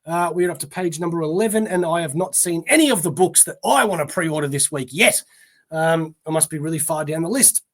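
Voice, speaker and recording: Solo Australian male host, higher voice, reads the list flat, mutters asides. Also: brisk. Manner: reads titles like a newscaster, trailing off into mumbled asides. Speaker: comic shop pre-order show host. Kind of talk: casual solo list reading.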